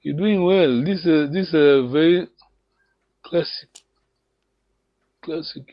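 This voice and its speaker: A man leads an online language lesson with a fairly high voice, cheering his students on and repeating words. His laughter comes often. The audio is dry and a little dull, like a video call. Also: slow pace, no echo. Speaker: language teacher.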